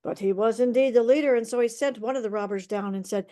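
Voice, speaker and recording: A woman storyteller telling a folk tale over a video call. Her delivery is lively and expressive, with sound effects worked in, and her voice sits a little high. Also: fast talker, hardly any pauses.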